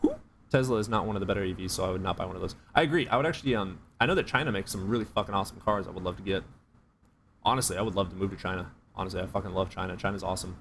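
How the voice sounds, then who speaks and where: A man's voice: low-pitched, racing, fairly bright tone, a little hiss or hum. A man casually answering viewers' chat on a live stream, joking and swearing as he rambles.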